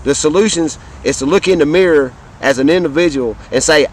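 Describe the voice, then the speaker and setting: A man from the Southern US, his voice on the high side and his accent Southern American, rants briskly to the camera about politics. He is fiery and profane, talks right to his audience, and says his points again and again for emphasis, captured in poor audio.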